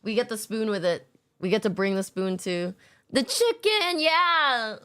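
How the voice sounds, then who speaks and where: Young woman streamer, casual just-chatting, relaxed and foul-mouthed, mid pitch. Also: fairly quick, smooth. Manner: laid-back, swears a lot, laughs often. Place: home streaming setup.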